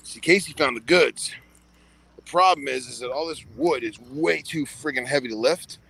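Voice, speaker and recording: Male field guy, grumbly, gravelly, bright tense tone. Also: mid-range voice, moderate pace, a little hiss or hum. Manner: grumbling, matter-of-fact. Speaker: field herper on night road cruise. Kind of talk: casual chat.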